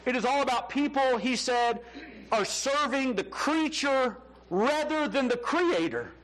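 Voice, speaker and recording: Man, pastor, sermon, very high voice, conversational preaching. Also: lively intonation, a little slow, fairly bright tone, low-quality recording.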